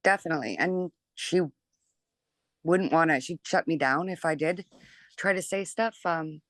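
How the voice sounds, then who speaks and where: A middle-aged woman, a mother telling her story in an interview, chatty and animated, filling her talk with 'like' and acting out what people said. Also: sits low, moderate pace, dry recording. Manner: chatty and animated, full of 'like' and acted-out quotes. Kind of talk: emotional personal recollection.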